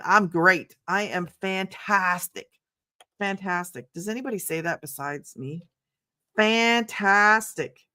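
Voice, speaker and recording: Older lady doing a casual livestream, super chatty and excited, says hi to everyone. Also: fairly low pitch. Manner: chatty and excitable, greets viewers by name, laughs often. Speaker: livestream host selling online business programs. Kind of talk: casual livestream chat with viewers.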